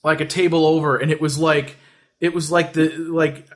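Rambling, joking man, fairly high voice. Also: flat delivery, normal speed. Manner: rambling, full of fillers and restarts, joking. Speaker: podcast host. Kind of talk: casual podcast chat.

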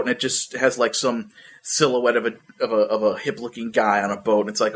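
A young man hosting a podcast, ranting and swearing in casual, animated chat. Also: medium pitch, brisk. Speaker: podcast host.

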